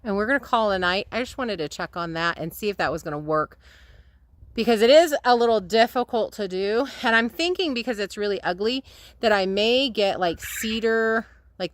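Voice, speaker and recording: A woman's voice: medium pitch, dry recording. A woman vlogging casually from her homestead, chatting to the camera about small projects. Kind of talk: casual vlog chat. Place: tiny home and yard on a rural homestead.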